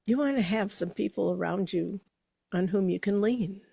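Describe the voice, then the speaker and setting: A woman co-hosting a motivational podcast, speaking in a measured, reflective way as she builds her points. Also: medium pitch, creaky, dark tone, breathy edge, no echo. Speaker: podcast co-host. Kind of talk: casual motivational chat.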